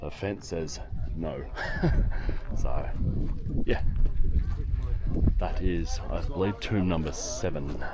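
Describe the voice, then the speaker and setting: Travel vlogger, man, low voice, eager and exclaiming, recorded on a camera mic among crowds. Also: takes it slowly, long pauses, a loud crowd. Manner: enthusiastic, exclaims often. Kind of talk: walking tour narration. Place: outdoor archaeological site with crowds.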